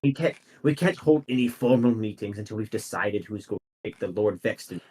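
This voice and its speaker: A man's voice: on the low side, expressive, brisk, a little mellow, breathy edge, poor audio. A man voicing a fussy, rule-bound elderly guild councillor. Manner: fussy, procedural. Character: elderly male guild councillor, stickler for rules.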